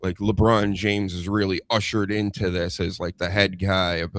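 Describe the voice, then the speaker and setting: A man's voice: low-pitched, flat delivery, moderate pace, a bit bright, dry recording. A man co-hosting a podcast, griping and dismissive in casual banter. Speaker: podcast co-host.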